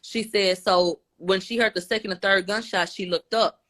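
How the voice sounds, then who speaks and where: A woman's voice: medium pitch, fairly even intonation, normal speed, a bit bright. A woman on a phone live stream giving a casual recap of court testimony, speaking bluntly, swearing freely and acting out the quoted lines. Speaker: livestream commentator.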